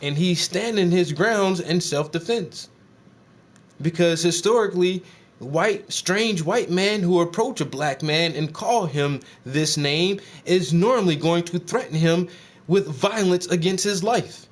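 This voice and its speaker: A man chats to his stream audience while painting. His voice sits a little high for a man, and he talks bluntly and with animation, peppering his talk with swearing and rhetorical questions. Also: unhurried. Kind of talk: casual live-stream chat.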